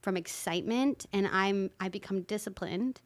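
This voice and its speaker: A woman's voice: mid-range voice, normal speed. A woman guest on a podcast, speaking openly and emphatically in casual conversation, swearing freely.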